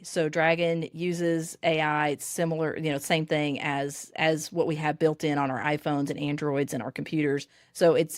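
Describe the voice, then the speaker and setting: A woman with a Southern US accent talks in a lowish voice, animated and expressive as she explains her methods. The sound is close and dry, with no room around it. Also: no room sound. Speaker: dictation coach for authors. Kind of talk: podcast interview.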